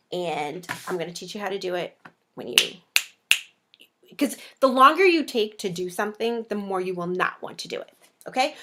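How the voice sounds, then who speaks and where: A young woman chatting through a meal planning tutorial with a bright, crisp voice. She is playful and talkative, and she keeps slipping into quick little voices to act out how her viewers react. The tone is casual, the way a vlogger talks straight to the camera. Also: fairly high pitch, a little hiss or hum. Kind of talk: casual talking-head tutorial.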